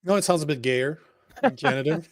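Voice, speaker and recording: A man whose first language is French, co-hosting a casual political chat in a blunt, profane, animated way. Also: on the high side, fairly quick, dry recording, clean studio sound. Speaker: podcast co-host.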